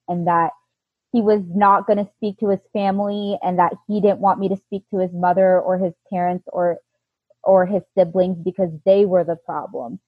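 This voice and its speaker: A woman being interviewed, telling her own story in an earnest, halting way with frequent restarts. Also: lowish voice, no room sound, lo-fi sound. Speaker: interview guest.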